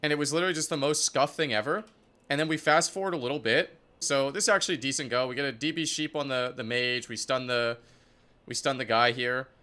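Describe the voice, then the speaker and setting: A young man giving casual commentary on his own competitive match, excitable and profane, full of "like" and "dude". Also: mid-range voice, fast talker. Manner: excitable, profane, filler-heavy talk. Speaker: esports player reviewing his match.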